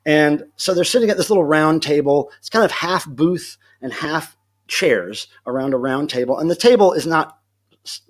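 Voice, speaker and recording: Animated man telling a story. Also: fairly high pitch, normal speed. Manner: animated, laughs often, acts out quotes. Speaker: livestream host. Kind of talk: casual storytelling to a live chat. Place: home.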